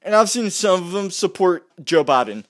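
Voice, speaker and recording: A man's voice: high voice, lively intonation, moderate pace. A man delivering a heated, exasperated rant to camera, often repeating himself and restarting his sentences. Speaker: vlogger. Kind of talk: heated ranting monologue.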